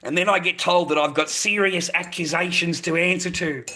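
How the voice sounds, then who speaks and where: A man's voice: sits high, fairly even intonation, normal speed, pushed and bright. An Australian man in his fifties ranting bluntly on a live stream, swearing heavily and repeating himself. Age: 50s. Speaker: livestreamer. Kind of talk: profane angry rant to a live stream.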